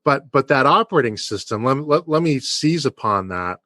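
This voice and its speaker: A man's voice: mid-range voice, expressive, normal speed, pushed and bright, dry recording, studio quality. Enthusiastic male podcast host. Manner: enthusiastic, stumbling restarts. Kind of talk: podcast interview.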